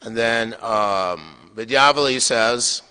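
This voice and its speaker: An older man giving a storytelling scripture lecture, halting with fillers, small chuckles and throat clearing. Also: mid-range voice, sharp tone. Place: temple hall. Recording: long hall reverb.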